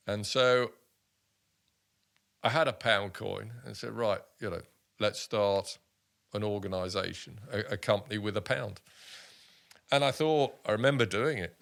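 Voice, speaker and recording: A man in his sixties from the United Kingdom, an army veteran telling stories in an interview, animated and full of restarts. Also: fairly low pitch, a little slow, vocal fry, pauses often. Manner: animated anecdotes with many restarts and voiced quotes. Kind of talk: casual storytelling interview.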